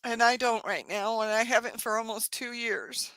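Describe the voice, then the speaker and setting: A tearful woman talks on a live stream from her yarn craft channel, her voice high and bright. She speaks haltingly, with many sighs and apologies. The sound is dry and close. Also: fairly even intonation, smooth, dry recording. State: tearful, crying.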